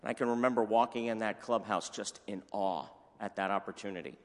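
A man preaching an energetic sermon as pastor, animated and humorous. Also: fairly low pitch, fairly quick. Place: church sanctuary. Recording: echoey church hall.

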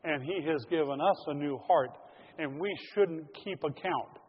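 A man's voice: on the high side, unhurried, slight background noise. A man preaching a sermon to his congregation, earnest and direct, calling them folks. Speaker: pastor. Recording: lo-fi audio in a large reverberant hall.

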